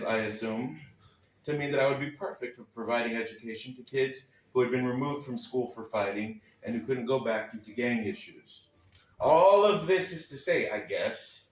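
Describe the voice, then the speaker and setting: A man reads his own essay aloud on a small club stage, his tone wry and sardonic, dropping dry asides as he goes. His mid-pitched voice sits a little back from the microphone, and the room rings with a noticeable echo. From Texas, United States. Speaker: spoken-word performer. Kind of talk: reading a personal essay aloud at a live club night. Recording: echoey room, voice a little far from the mic.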